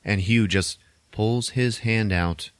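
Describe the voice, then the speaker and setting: A man casually recapping a film's plot on a podcast, loose and wry, swearing and tossing in quick mock voices for the characters. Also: on the low side, clean tone, no echo. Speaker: podcast host recapping a film. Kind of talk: casual chat.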